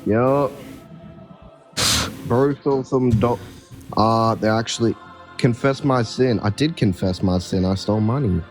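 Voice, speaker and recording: An Australian man calling into a stream and telling joking confessions in a deadpan way. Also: mid-range voice, a little slow, long pauses, faint music behind. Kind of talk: casual call-in chat.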